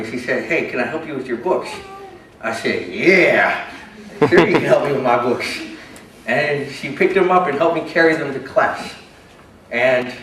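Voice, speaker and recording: An actor playing a shy, self-doubting young man with a disability, telling his story haltingly and earnestly in a stage monologue. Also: mid-range voice, a bit bright, slight background noise, close to an everyday voice. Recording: roomy hall from a distance.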